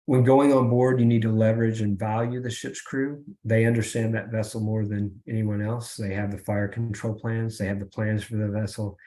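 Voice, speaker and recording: A middle-aged man giving a webinar presentation over a video call, pausing often with fillers and restarts. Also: on the low side, level tone, mellow. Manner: halting, many fillers and restarts.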